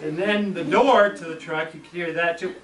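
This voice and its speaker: A middle-aged school superintendent telling a story to children in a classroom, lively and acting out sounds as he goes. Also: on the high side, normal speed, crowd noise. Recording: echoey room from far off, background noise.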